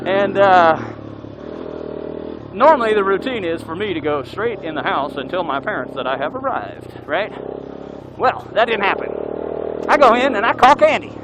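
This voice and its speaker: A man's voice: high-pitched, moderate pace, long pauses, noisy background. A man vlogging as he rides an off-road motorcycle trail, telling a long story and whooping now and then. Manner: animated, whoops and yells while riding. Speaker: motovlogger. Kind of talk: storytelling while riding.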